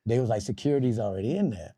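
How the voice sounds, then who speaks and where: A man's voice: medium pitch, expressive, racing, warm tone, slightly rough. A man in his forties, a guest comedian and actor, telling stories on a podcast in a profane style, acting out other people's voices and laughing along. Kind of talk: animated podcast storytelling.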